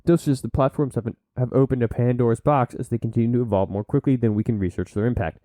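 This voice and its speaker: A man's voice: medium pitch, fairly even intonation, quick pace, mellow, no echo. A man hosting a solo podcast, reading from sources and breaking off into blunt asides and silly put-on voices. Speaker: podcast host.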